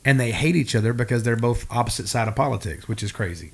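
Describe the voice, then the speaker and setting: A man co-hosting a podcast, telling a story in a casual, animated way and acting out the dialogue. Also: medium pitch, fast talker. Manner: animated, acts out quoted dialogue. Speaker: podcast co-host.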